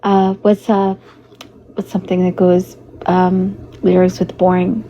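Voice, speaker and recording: A woman livestreaming in a loose, rambling way, greeting her viewers and fighting a hoarse, fading voice. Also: lowish voice, little pitch movement, a little slow. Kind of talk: casual livestream chat. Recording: dull lo-fi stream audio with faint noise.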